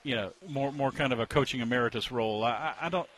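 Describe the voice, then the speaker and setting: A man talking as a sports columnist in a relaxed conversation, offering candid opinions. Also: medium pitch, quick pace. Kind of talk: casual conversation as a guest.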